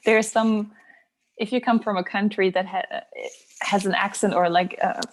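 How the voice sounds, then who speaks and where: A woman in her thirties talks as a podcast guest, speaking English. She thinks aloud and searches for her words, in an everyday mid-pitched voice. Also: steady tone, normal speed. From Germany. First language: German. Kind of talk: casual interview chat.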